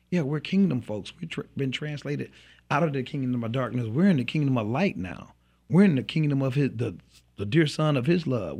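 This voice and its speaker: Fervent male preacher, husky voice. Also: medium pitch, darkish tone. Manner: fervent, repeats words when building a point. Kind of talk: preaching on a faith program.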